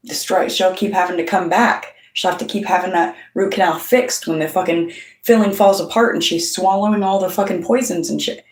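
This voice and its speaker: A woman's voice: lowish voice, steady tone, a little fast, far from the mic. A middle-aged woman, the channel's host, telling a story straight to camera in a blunt way, swearing often and quoting other people. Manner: blunt, heavy swearing, storytelling with quoted voices. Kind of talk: casual monologue to camera. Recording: roomy sound, voice off-mic.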